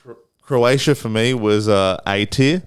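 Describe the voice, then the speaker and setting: A man co-hosting a podcast, spinning travel stories with plenty of swearing and acted-out voices. His voice is smooth and clear, and the sound is dry and close. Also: medium pitch, unhurried, dry recording. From Australia. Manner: animated, swears a lot, acts out voices in anecdotes. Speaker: podcast co-host. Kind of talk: casual storytelling chat.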